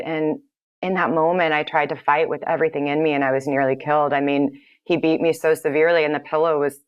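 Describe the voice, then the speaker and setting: Low, clear-voiced woman telling her story. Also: steady tone. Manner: earnest, halting, with many fillers and restarts. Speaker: guest. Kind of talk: personal storytelling in an interview.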